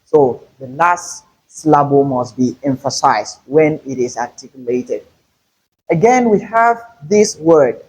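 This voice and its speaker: A man teaching English pronunciation, saying each word slowly and more than once. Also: mid-range voice, animated, a little mellow, breathy edge, poor audio. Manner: slow, deliberate, repeats each word carefully. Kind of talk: pronunciation lesson.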